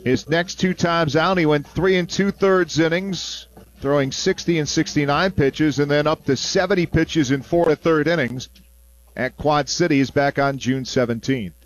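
A male play-by-play announcer on a baseball radio broadcast, his voice sitting slightly high. The sound is close and dry, straight into a booth microphone. He shifts easily between calling pitches and relaxed, chatty asides. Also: moderate pace, no room sound.

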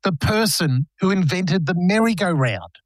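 A man's voice: high voice, lively intonation, moderate pace, dry recording. A man hosting a radio show in casual banter, playfully telling dad jokes. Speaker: radio host.

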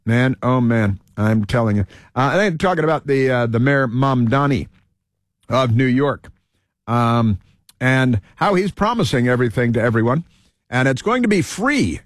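A man's voice: mid-range voice, expressive, normal speed, no room sound, clean studio sound. A man hosting a talk show, rambling through an opinion monologue with many fillers and restarts. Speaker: radio talk show host.

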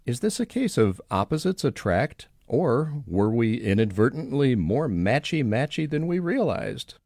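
A man tells wry little stories for a local radio segment. His delivery is animated and full of swooping intonation. The voice sits close and dry, with no room sound around it. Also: medium pitch, a little slow, hardly any pauses, dry recording. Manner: wry storytelling with lively intonation. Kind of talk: scripted radio commentary.

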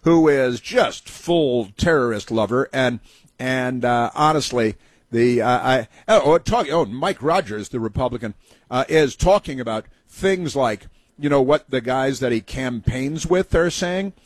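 Husky, scoffing male talk host. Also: mid-range voice, lively intonation, unhurried, no room sound. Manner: sarcastic, mocking and indignant. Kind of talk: opinionated talk radio monologue.

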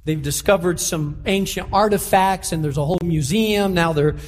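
High-voiced preaching pastor in a hall. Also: male voice, moderate pace. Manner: preaching with rising, emphatic repetition to a congregation. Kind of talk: sermon. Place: large church auditorium.

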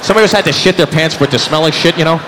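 A man in his thirties performing a stand-up comedy set, animated and jumping into character voices. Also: fairly high pitch, racing, a crowd in the background. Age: 30s. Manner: animated, switches into voices for bits. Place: comedy club stage with live audience. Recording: reverberant club, audience laughter, room noise.

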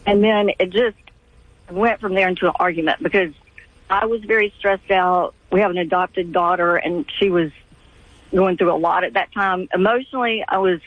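A middle-aged woman calling in to a radio show, telling a family story in halting, restarting sentences. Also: on the low side, steady tone, dry recording. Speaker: caller. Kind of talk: call-in radio conversation. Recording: tinny phone line, dry.

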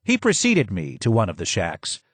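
A man's voice: lowish voice, huge pitch swings, no room sound. Man narrating an audiobook, dry sound. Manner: measured and descriptive. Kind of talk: scripted first-person narration.

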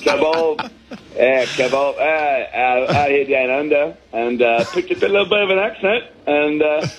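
A man's voice: a little high, a little slow, a little hiss or hum, pitched above the performer's own voice, low-quality recording. A man putting on a drawling fake Aussie bloke. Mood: joking. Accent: put-on Australian. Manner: rambling, drawling slang. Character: exaggerated laid-back Australian bloke, adult man.

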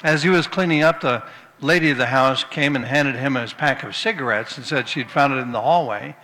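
With a mid-range voice and a sharp tone, a man delivers a sermon briskly. He spins folksy, funny anecdotes, sometimes restarting, before getting to scripture, all heard through long hall reverb.

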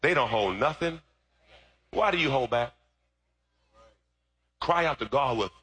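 Animated, bright-voiced man preaching a sermon. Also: mid-range voice, measured pace, husky. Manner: storytelling, rising to shouted preaching. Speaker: pastor.

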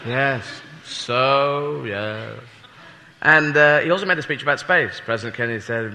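A man's voice: medium pitch, unhurried, sharp tone, big-room sound. A man doing rambling stand-up storytelling, self-interrupting and mock-pompous. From Britain. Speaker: stand-up comedian.

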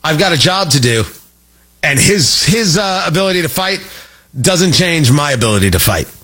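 A man's voice: fairly high pitch, big pitch swings, moderate pace, fairly bright tone. A man hosting a radio talk show, talking in an emphatic, sarcastic way about politics.

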